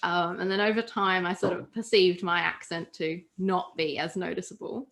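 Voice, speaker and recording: A woman's voice: lowish voice, fairly even intonation, normal speed, gravelly, a bit bright. An Australian woman chatting casually with friends as a podcast host, telling stories and laughing between them. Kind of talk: casual group chat.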